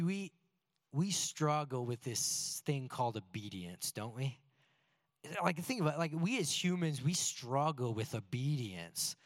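A man's voice: medium pitch, no echo. Chatty preacher man, dry sound. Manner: conversational and joking, with rhetorical questions. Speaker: pastor. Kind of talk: sermon.

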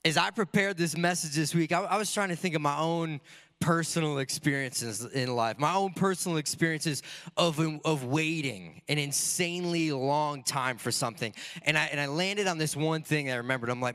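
A man's voice: fairly high pitch, moderate pace, a bit bright. A man preaching a sermon in a casual, joking way, often asking rhetorical questions. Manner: casual, conversational.

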